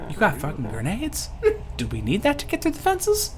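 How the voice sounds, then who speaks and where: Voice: medium pitch, wildly swooping pitch, moderate pace, a little hiss or hum. A let's play host giving casual gameplay commentary, chatty and giggly, swearing freely.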